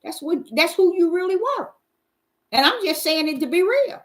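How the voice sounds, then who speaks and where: A woman's voice: very high voice, animated, moderate pace. A middle-aged woman hosting a Bible question session, preaching in a folksy, emphatic way and calling out to her listeners. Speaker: host answering Bible questions. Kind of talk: informal preaching to a live audience.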